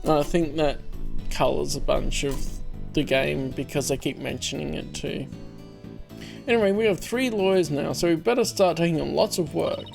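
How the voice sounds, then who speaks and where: A man's voice: fairly high pitch, normal speed, gravelly, over music. A man hosting a game playthrough, chatting casually and rambling as he trails off and restarts. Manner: rambling, self-interrupting. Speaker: let's play host.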